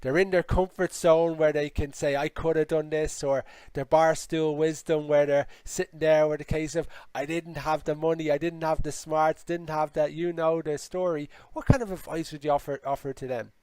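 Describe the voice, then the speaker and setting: A man's voice: fairly high pitch, little pitch movement, moderate pace, few pauses, a little mellow, clear, resonant tone, dry recording. Eager male podcast host, dry sound. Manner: eager, affirming. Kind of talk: podcast interview.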